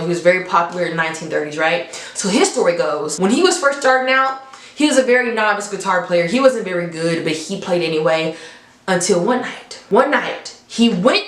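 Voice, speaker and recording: Lively young woman reviewing a film. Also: mid-range voice. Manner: animated storytelling, laughs between points. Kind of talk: casual movie review. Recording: echoey room.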